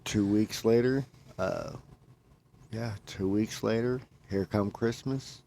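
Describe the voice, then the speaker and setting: In an easygoing conversation, a man spins out a long, rambling story about his own life, frequently repeating himself and quoting what he said. His voice is fairly low, gravelly and dark, with fairly even intonation and a slow pace, and there's a faint hiss or hum.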